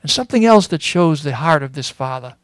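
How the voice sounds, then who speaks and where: Earnest male preacher, slightly high voice. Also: expressive, no room sound. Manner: earnest and explanatory, with frequent pauses and fillers. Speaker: Bible teacher. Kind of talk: sermon.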